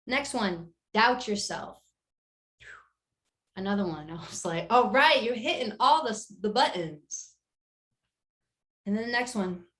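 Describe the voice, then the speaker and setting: A young woman giving a candid, emphatic motivational talk to her business team, sharing a personal story. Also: mid-range voice. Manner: animated, emphatic, speaks candidly and directly. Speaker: network marketing team leader.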